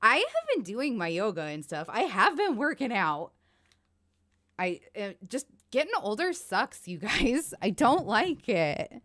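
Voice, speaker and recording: Breathless woman nearing forty, slow and chatty. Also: fairly high pitch, very animated, sharp tone, dry recording, clean studio sound. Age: late 30s. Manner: rambling, self-deprecating, laughs often. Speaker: streamer. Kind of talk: casual chat while crocheting.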